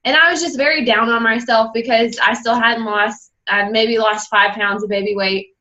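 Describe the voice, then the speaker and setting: A young woman shares her story on a team call, speaking with candor and a loose, rambling flow. Her voice sits a touch high and sounds bright. The call audio is muffled, like a low-quality connection. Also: steady tone, moderate pace. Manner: candid, rambling storyteller who acts out the people she quotes. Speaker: guest speaker and fitness coach.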